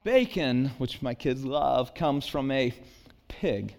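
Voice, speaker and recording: A man's voice: medium pitch, animated, slow pace, vocal fry, a little mellow. A man in his thirties preaching a sermon in an earnest, conversational way, climbing to emphatic peaks. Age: 30s. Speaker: pastor.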